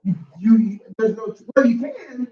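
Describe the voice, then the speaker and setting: A man in a couples workshop sharing a personal story in a reflective, halting way. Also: sits high, expressive. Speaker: workshop participant. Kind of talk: personal storytelling in group discussion. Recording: distant, dull, roomy recording.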